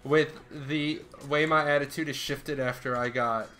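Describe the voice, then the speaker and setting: A man's voice: a little high, measured pace, a little hiss or hum. A young man streaming a game live, ranting and swearing as he comments on what he sees. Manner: animated, ranting, swears a lot. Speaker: livestreamer. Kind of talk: casual gameplay commentary.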